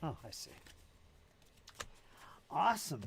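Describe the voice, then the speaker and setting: A man narrating and explaining rules as game master in a live-play tabletop game, casual and steady. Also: fairly high pitch, slow, gravelly, slight background noise.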